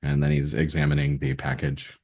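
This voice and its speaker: A man's voice: very deep voice, monotone, fairly quick, a little mellow, slightly rough. A man playing a tabletop role-play game, describing what his character does in the third person. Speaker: player.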